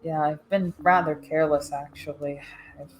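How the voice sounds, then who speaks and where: A player in a tabletop game, talking casually, quietly and with easy laughter. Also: medium pitch, fairly even intonation, moderate pace, a crowd in the background, poor audio.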